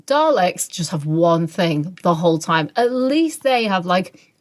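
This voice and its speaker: A woman's voice: lowish voice, big pitch swings, a little slow. Chatty woman on a podcast. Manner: chatty, lots of fillers and restarts. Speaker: podcast co-host. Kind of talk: casual chat.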